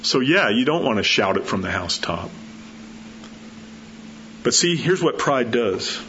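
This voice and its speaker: A middle-aged man preaching a sermon in a conversational, animated way, swinging his voice high for emphasis and for quoted lines. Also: unhurried. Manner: conversational, animated, acts out quotes with rising pitch. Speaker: pastor. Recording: slightly dull sound with faint background noise.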